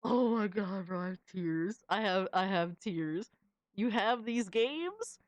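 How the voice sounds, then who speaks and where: A woman's voice: medium pitch, expressive, takes it slowly, no room sound. A young woman streamer reacting casually to fan images, slangy and exclamatory, often laughing.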